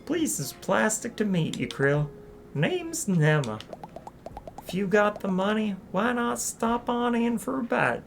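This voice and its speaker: A woman's voice: medium pitch, lively intonation, unhurried, gravelly, a little hiss or hum, pitched above the performer's own voice. A woman voicing a kindly middle-aged crab innkeeper with a Southern US accent and homey, friendly talk.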